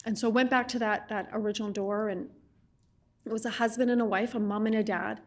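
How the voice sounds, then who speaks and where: A woman on a legislative committee, questioning a witness in an impassioned, halting way, often repeating words as she speaks. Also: medium pitch, fairly even intonation.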